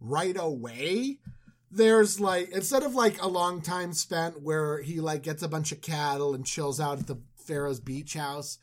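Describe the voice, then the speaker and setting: A podcast co-host retelling a Bible story as comedy, in an animated, jokey, slangy way. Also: medium pitch, unhurried.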